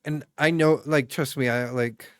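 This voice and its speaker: Young man streamer, smooth dry voice. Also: mid-range voice, fairly even intonation, measured pace, no echo. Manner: rambling, chatty, full of fillers and restarts. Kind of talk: casual chat with viewers.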